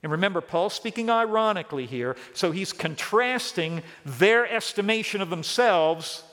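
Preacher with a lively, echoing delivery. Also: male voice, sits high, normal speed. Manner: emphatic, shifting between quiet stress and rising exclamation. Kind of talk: expository sermon. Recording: long reverb of a large hall.

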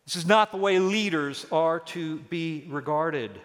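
A man preaching an expository sermon, switching between quiet stress and rising, emphatic exclamations. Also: on the high side, measured pace. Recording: long reverb of a large hall.

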